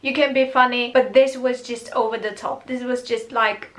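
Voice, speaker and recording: A woman with a somewhat high voice talks through a TV episode in a relaxed, chatty way. She retells scenes loosely, leaning on "like" and shrugging off the details with "blah, blah, blah.". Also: moderate pace. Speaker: TV series reviewer. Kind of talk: casual episode recap.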